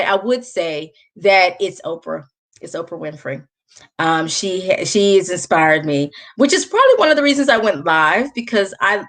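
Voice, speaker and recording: A woman's voice: medium pitch, fairly bright tone. A woman with a Southern US accent hosting a casual live chat, talking straight to her viewers and laughing often. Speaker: livestream host.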